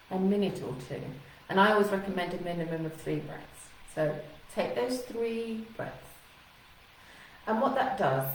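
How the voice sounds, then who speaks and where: A chatty, encouraging woman coaching viewers on camera at an ordinary pitch for a woman. Her voice rings around an echoey room, and a faint hiss sits underneath it. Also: distant mic. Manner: warm, chatty and encouraging, acting out anxious thoughts. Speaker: communication coach. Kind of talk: live coaching talk to camera.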